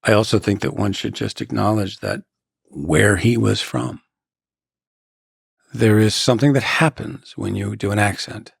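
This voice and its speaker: A man's voice: lowish voice, unhurried, gravelly, breathy edge, no echo, clean studio sound. A man in his sixties, a guest actor in a conversational interview, reflective and given to anecdotes.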